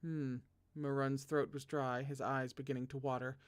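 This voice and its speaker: A man reading a novel aloud as host of a read-along, animated and often stopping to joke and laugh at the text. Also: mid-range voice, normal speed. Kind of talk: read-along narration with asides.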